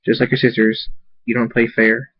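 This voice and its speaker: A man's voice: medium pitch, flat delivery, normal speed, slightly rough, muffled recording. A man voicing a weary but kind father stallion with a plain, reluctant way of talking. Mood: wry.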